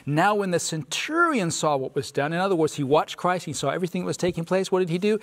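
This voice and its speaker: A man's voice: high voice, animated. Earnest man preaching a Bible lesson. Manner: earnest, emphatic, reads scripture verses aloud; pauses for listeners' responses. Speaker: Sabbath School panelist.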